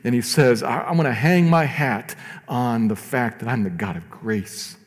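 A man preaching a sermon as pastor, earnest, rising to emphatic lines and dropping to soft, slow ones. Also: mid-range voice, in a large hall.

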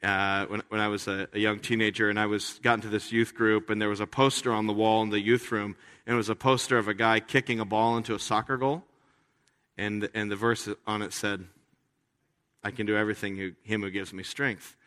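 Bright-voiced man preaching in a hall. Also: lowish voice, fairly quick, clean tone. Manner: conversational, animated with playful asides. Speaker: pastor. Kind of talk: sermon.

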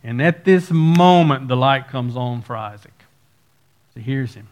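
High-voiced male preacher. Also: a little slow. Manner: expository preaching, reading verses aloud. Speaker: pastor. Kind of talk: sermon.

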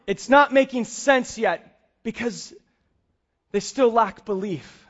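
Male preacher, very high pitch, animated storyteller, slightly muffled recording. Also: normal speed. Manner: animated storyteller, acts out dialogue. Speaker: pastor. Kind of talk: sermon with storytelling.

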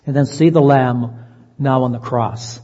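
A man preaching a sermon in an earnest voice, slowing down to stress key phrases. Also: mid-range voice, fairly even intonation, dark tone. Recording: dull lo-fi sound, long reverb.

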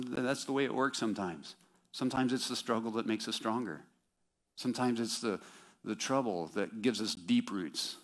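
A man preaching a sermon in a conversational, self-deprecating way, with sarcastic mock quotes. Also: fairly low pitch.

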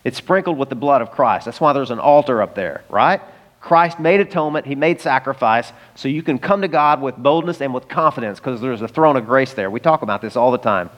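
Animated male preacher in a reverberant hall. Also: medium pitch, brisk, highs cut off. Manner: animated storytelling, acting out scripture voices with humor. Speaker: pastor. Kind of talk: sermon.

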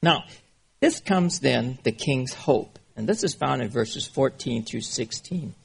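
A man's voice: medium pitch, expressive, measured pace, vocal fry, husky. A man preaching an informal sermon, often checking in with his listeners as he goes. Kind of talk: conversational sermon on scripture.

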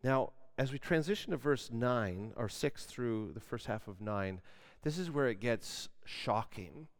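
A male pastor preaching with a very animated, rising-and-falling delivery. He takes his time, leaning hard on words and then dropping to a hush. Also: mid-range voice, a little slow. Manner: dramatic, swinging between loud emphasis and hushed asides. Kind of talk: sermon.

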